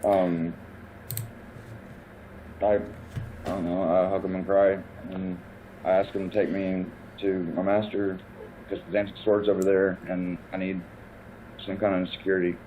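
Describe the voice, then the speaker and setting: A man playing in a tabletop game, talking in a halting way and repeating himself. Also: low-pitched, little pitch movement, slight background noise. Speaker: player. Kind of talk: tabletop role-play chat. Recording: tinny phone-like line.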